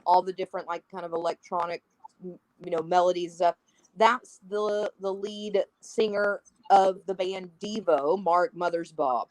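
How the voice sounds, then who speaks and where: A woman speaks at normal speed in a lowish voice, casually talking about a film as a podcast guest and acting out the characters' lines with animation as she retells scenes. The recording is dry, and its quality poor.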